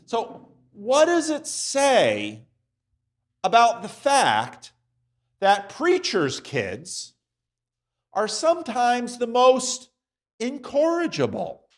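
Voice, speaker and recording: A man's voice: extremely high pitch, wildly swooping pitch, drawn-out words, pauses often. A man teaching a Sunday school class at church, talking conversationally and acting out little voices in his examples.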